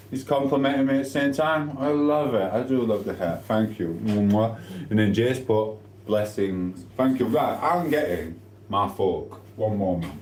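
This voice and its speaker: A man's voice: medium pitch, a little mellow, slight background noise. Chatty man, echoey room. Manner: chatty, reads out viewer comments while eating. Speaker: livestreamer. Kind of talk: casual live-stream chat.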